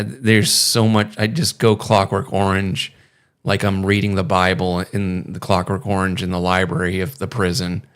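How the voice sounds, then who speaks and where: A man's voice: low-pitched, fairly bright tone, clear, resonant tone. A young man chatting casually on a stream, rambling and swearing with many fillers. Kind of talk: casual chat.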